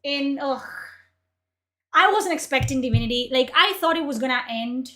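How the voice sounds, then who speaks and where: A woman streamer ranting in profane, exasperated commentary, her voice strained from yelling. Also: sits high, animated, normal speed, noisy background.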